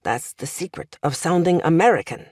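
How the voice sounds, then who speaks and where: A woman's voice: deep voice, lively intonation, moderate pace, darkish tone, no echo, studio quality. A woman voicing a wry old language professor. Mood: coaxing. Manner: lecturing, amused, coaxing. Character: older male language professor, wry and worldly.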